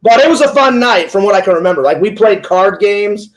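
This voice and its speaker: A man in his forties with a high voice, spinning a rambling casual story in an interview. He keeps slipping into quoting what his friends said, stacking "he goes" on "he goes". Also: expressive, a little fast, rough recording. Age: 40s. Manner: rambling retelling full of "he goes" quotes. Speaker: interviewer and streamer.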